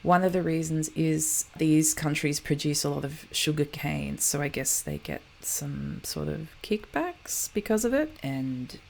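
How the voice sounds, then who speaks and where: A woman's voice: low-pitched, animated, measured pace, creaky, hardly any pauses, darkish tone, slight background noise. A woman hosting a geography show, chatting casually over map footage and often correcting herself.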